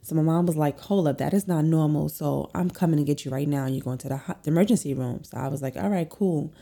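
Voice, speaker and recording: A woman's voice: low-pitched, fast talker, gravelly, dark tone. A young woman tells a personal story in a chatty, rambling way, full of "like" and "um". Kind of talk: casual storytelling.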